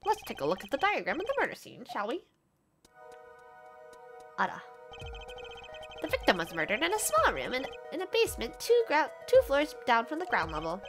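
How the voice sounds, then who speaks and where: A woman's voice: high-pitched, huge pitch swings, normal speed, pauses often, music in the background. A woman streamer voicing a smug middle-aged male prosecutor in a nasal voice, reading game dialogue aloud.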